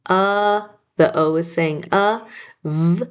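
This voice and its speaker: A woman's voice: on the low side, clear, resonant tone. A woman teaching a phonics spelling lesson, patiently sounding out each word. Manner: slow, patient, sounding out words.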